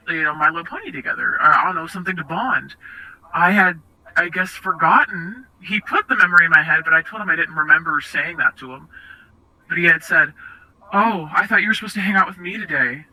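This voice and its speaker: A young woman being interviewed, recounting personal experiences in a halting, hesitant way with many restarts. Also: sits low, bright, forceful tone, poor audio. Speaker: interview guest.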